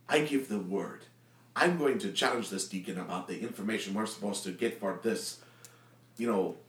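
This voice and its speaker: Man doing a dim brute warrior, loud blustering threats, lively swoops, roomy echo. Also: medium pitch, close to an everyday voice. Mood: scheming. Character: dim brutish male adventurer with a loud, bloodthirsty temper.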